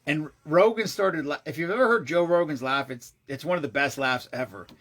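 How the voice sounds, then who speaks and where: In a vlog, a man excitably spins a long, rambling tale, casual and profane, frequently restarting what he's saying. His voice is a little high and his pace a little fast.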